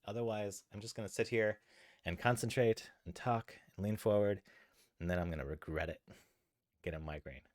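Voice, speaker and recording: A man's voice: on the low side, normal speed, dry recording, clean studio sound. A man streaming board games, greeting viewers and thinking aloud about his moves in casual chat. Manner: chatty, thinks aloud over game moves. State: a little out of breath at times. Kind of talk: casual live-stream chat while playing.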